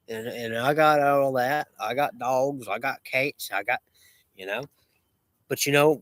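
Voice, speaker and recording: A man's voice: mid-range voice, a bit bright, no room sound. Rambling boastful man, dry sound. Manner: rambling, repetitive, boastful, with many restarts. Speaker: lawn care business owner. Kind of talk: rambling casual monologue.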